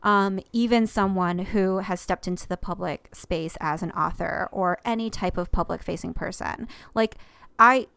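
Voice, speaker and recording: A woman's voice: mid-range voice, moderate pace, creaky, fairly bright tone, clean tone, dry recording. A woman in her thirties co-hosting a podcast, talking earnestly and at length with many restarts. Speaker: podcast co-host. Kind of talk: casual podcast chat.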